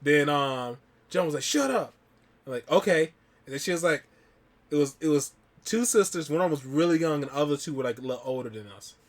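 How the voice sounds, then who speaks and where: A man's voice: a little high, fast. A man from Alabama, a reaction channel host, chatting casually and rambling through a story with lots of fillers. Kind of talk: casual chat.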